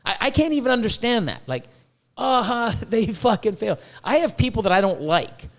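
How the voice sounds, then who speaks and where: A high-voiced man hosts a casual podcast, bursting with excitement and peppering his talk with swearing. He grew up in Canada, and he often repeats words as his thoughts run ahead of him. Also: moderate pace. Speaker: podcast host.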